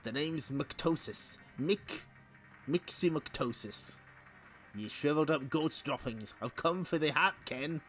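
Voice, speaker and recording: A man's voice: on the high side, animated, slow pace, fairly bright tone, faint music behind. A man voicing a rude, blustering male intruder in a put-on Scottish accent for a comic read-along. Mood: brash. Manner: insulting, brash.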